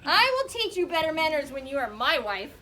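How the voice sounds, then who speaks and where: A woman's voice: very high-pitched, fairly even intonation, brisk, fairly bright tone, pitched above the performer's own voice. A woman voicing a hot-tempered male rooster who crows and scolds. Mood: furious. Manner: furious, crowing.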